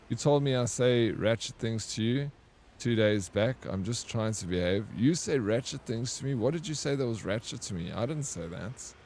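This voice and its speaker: Guy with a lowish voice, joking around with his stream chat, teasing and easygoing. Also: darkish tone, a little hiss or hum. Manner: playful, teasing banter. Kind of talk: livestream chat with viewers.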